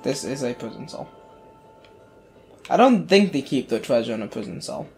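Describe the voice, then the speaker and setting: A man's voice: mid-range voice, very animated, moderate pace, vocal fry, darkish tone, soft background music. A man giving casual, joking commentary while playing a video game. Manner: wry, joking quips. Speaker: co-host of a let's play channel.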